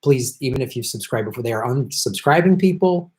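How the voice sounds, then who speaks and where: A man hosting a casual live stream, chatting with viewers, clearing his throat often and swearing in frustrated outbursts at the tech. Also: medium pitch, animated, a little fast, darkish tone. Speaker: political comedian and live stream host.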